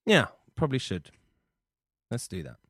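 A man's voice: mid-range voice, wildly swooping pitch, moderate pace, fairly bright tone, no echo. A man hosting a comedy podcast in a studio, teasing his co-host and joking. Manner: joking, teasing, mock-outraged. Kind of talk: casual comedic chat.

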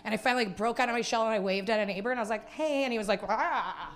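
This hungover young comedian from Winnipeg, Canada, performs stand-up live in a small theater, speaking very fast in a slightly high voice with fairly even intonation. Her set is rambling and self-mocking, and she laughs through it.

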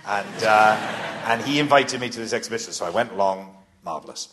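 A man's voice: on the low side, brisk, background noise. A man with a Welsh accent, a podcast guest, telling self-mocking anecdotes in casual chat and acting out the quotes. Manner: animated storyteller, self-mocking, acts out quotes. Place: live comedy podcast venue.

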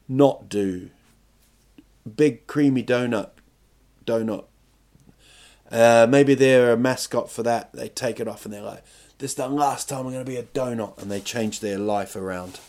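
A man's voice: medium pitch, a little mellow. Rambling, self-mocking podcast man. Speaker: podcast host and comedian. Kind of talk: rambling comic storytelling monologue.

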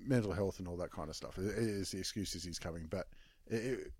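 Australian male co-host, low pitch, dry close sound, chatty yarn-teller. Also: fairly quick, a little mellow, slightly rough, no room sound. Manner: rambling anecdotes, laughs at own punchlines. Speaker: podcast co-host. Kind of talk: casual sports chat.

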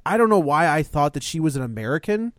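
A man's voice: on the high side, very animated, quick pace, a bit bright, no room sound, studio quality. A man co-hosting a movie review podcast with sarcastic, joking banter. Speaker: podcast co-host. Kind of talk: casual movie review chat.

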